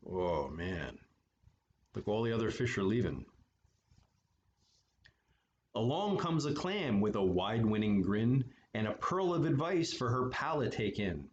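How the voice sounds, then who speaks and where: Brief: male story time reader, easygoing and chatty, slow and low. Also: highs cut off, slight background noise. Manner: relaxed, chatty asides with fillers. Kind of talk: children's story time reading. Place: art studio.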